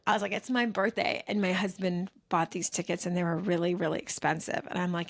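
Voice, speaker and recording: Animated woman telling a story. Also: on the low side, brisk. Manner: animated storyteller, acts out quoted voices. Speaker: podcast co-host. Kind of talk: casual chat.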